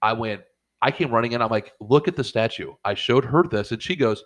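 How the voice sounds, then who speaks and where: A man's voice: medium pitch, expressive, brisk, a bit bright. A man telling a story in casual podcast chat, rambling and swearing, acting out his own shocked reactions.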